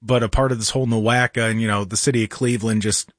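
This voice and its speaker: A man's voice: on the low side, steady tone, quick pace, no room sound, clean studio sound. A male talk radio host ranting in casual chat, with many restarts.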